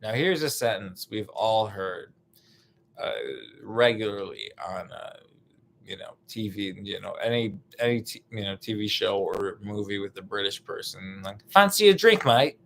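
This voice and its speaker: A young American man doing a rambling, profane stand-up bit, full of fillers and restarts, now and then bursting into loud put-on voices. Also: lowish voice, steady tone, unhurried, vocal fry, slight background noise. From United States. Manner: meandering, profane, lots of fillers, sudden shouted bits. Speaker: stand-up comedian.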